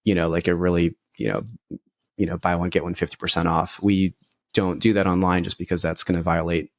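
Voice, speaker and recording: A man's voice: sits low, level tone, fairly quick, no echo. A man, a retail guest in an interview, explaining in a matter-of-fact way with many fillers. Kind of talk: conversational podcast interview.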